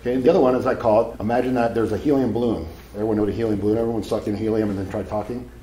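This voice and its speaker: A man's voice: lowish voice, steady tone, racing, dark tone, roomy sound, slight background noise, poor audio. A man giving a live seminar talk to an audience, casual and profane, telling stories as he goes. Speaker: seminar speaker.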